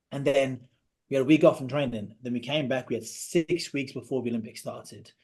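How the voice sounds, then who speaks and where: A man, a podcast guest telling a personal story in an earnest, halting way that often drops to a quiet voice. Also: medium pitch, breathy edge. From Britain.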